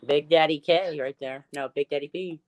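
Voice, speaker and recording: A man's voice: a little high, steady tone, normal speed, dry recording. A man joining a live stream as a guest, joking brashly and swearing. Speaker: regular viewer and guest. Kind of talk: casual live-stream chat.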